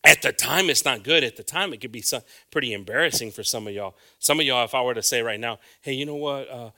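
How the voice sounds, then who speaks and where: A man preaching a bilingual sermon, swinging from hushed asides to loud calls and repeating phrases. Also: medium pitch, quick pace.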